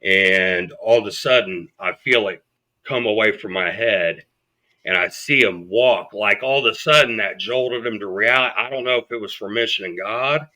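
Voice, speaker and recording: Man guest, blunt profane storyteller, very bright cutting voice. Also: on the low side, moderate pace. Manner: blunt and profane, acting out what people said. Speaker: podcast guest. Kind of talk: storytelling in an interview.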